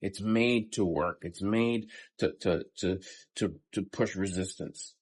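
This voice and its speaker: Man in his fifties, lowish voice, blunt and cussing, pep talk mid-workout. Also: slow pace. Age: 50s. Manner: blunt, profane and pep-talking. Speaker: vlogger. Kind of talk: casual motivational monologue.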